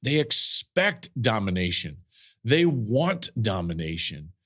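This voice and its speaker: A man in his forties hosting a sports podcast, telling a game story with animated, emphatic energy and frequent restarts. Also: fairly low pitch, takes it slowly. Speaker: podcast host and football analyst. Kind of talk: casual sports podcast talk.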